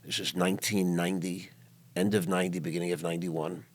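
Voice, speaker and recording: An older man with a notably deep voice hosts a studio interview. He talks emphatically, repeating words and trailing into personal stories. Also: steady tone, fast talker. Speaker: podcast host. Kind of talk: emotional interview chat.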